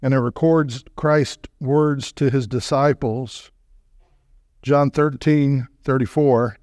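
A man preaching as a guest speaker, animated and emphatic, with joking asides to the congregation. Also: medium pitch, slow, no room sound, clean studio sound. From Southern California. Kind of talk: sermon.

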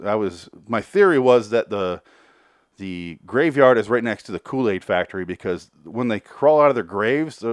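A man's voice: on the low side, no echo, clean studio sound. A man giving a casual, rambling recap, sarcastic and foul-mouthed, with lots of digressions. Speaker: reviewer.

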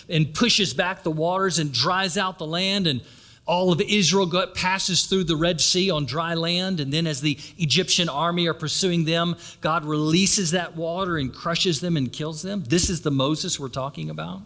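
A man's voice: high voice, bright, forceful tone. A man preaching a sermon, retelling a story and turning to the congregation with asides. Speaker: pastor.

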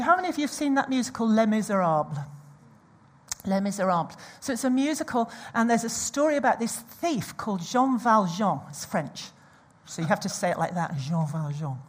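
A woman delivers a sermon in an animated storytelling manner. She often breaks off to speak straight to the congregation. Her voice sits fairly high and has a husky, breathy edge. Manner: animated storytelling with audience asides. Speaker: preacher.

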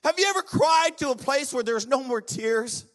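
A pastor preaching a sermon, reading scripture aloud and urging the congregation to respond. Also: male voice, very high voice, expressive, moderate pace, fairly bright tone.

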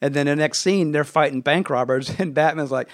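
Animated man retelling cartoon scenes. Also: on the high side, fairly quick. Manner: animated retelling with acted quotes. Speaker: podcast host. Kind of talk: casual chat.

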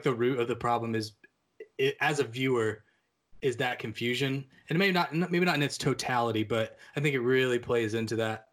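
A man with a medium-pitched voice co-hosts a casual film podcast. He is agreeable with his co-host and keeps the talk moving to new topics. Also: a bit bright. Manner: agreeable, steers the conversation.

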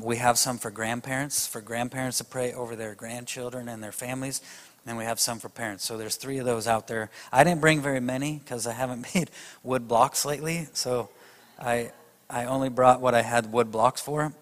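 A man's voice: medium pitch, fairly even intonation, brisk, long reverb tail. A man preaching a sermon, emphatic and speaking straight to his audience. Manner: emphatic, addresses the audience directly.

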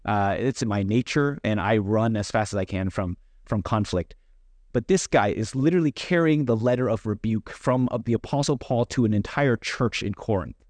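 This pastor's voice is on the low side and a little mellow, at normal speed, with no echo. His sermon is conversational and self-deprecating, and he often acts out what others say.

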